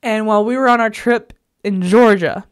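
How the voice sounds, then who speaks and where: A woman's voice: medium pitch, normal speed, smooth. A woman vlogger telling a personal story in an emphatic, exasperated way, recorded in a bedroom at home.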